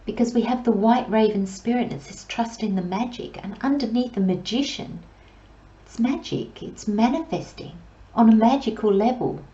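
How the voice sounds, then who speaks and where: A woman giving a pick-a-card tarot reading in a slow, gentle, soothing way, with long pauses and soft near-whispers. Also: fairly high pitch, echoey room, highs cut off. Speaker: tarot reader.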